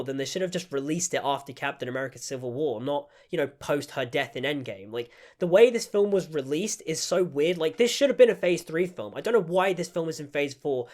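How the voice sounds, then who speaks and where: Man with a slightly high voice, reviewing films. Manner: critical, frequent "like" fillers. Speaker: film reviewer. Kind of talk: casual opinion vlog.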